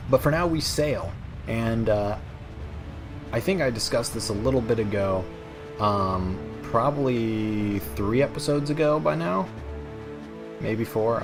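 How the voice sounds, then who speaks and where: Low-voiced rambling young gamer man. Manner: rambling, self-mocking, many fillers. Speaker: let's play host. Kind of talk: gameplay commentary.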